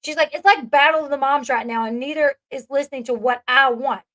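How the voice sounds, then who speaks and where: A woman's voice: high-pitched, a little fast, a bit bright. A woman recapping a reality show in a chatty, casual way, often laughing at the scenes she retells. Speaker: commentary host.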